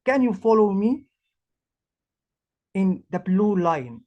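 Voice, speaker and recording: A woman who is a language teacher, presenting her project in English, halting and restarting as she searches for words. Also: medium pitch, animated, darkish tone. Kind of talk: presentation talk.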